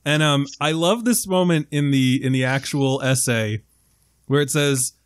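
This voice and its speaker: A man from Queens co-hosting a film podcast, telling stories in a lively, swearing, laughing way. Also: mid-range voice, measured pace, no echo, studio quality. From Queens, New York. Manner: animated, profane storytelling with frequent laughs. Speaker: podcast co-host. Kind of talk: casual film podcast chat.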